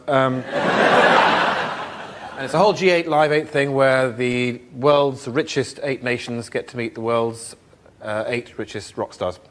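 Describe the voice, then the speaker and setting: A man telling quick jokes as a comedian on a panel show, chatty with small restarts. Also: medium pitch. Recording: noisy studio recording.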